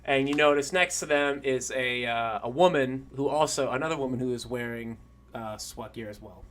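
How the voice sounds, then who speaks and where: A man's voice: mid-range voice, moderate pace, a bit bright. A man narrating a tabletop game as game master, casual and rambling, with fillers and the odd swear.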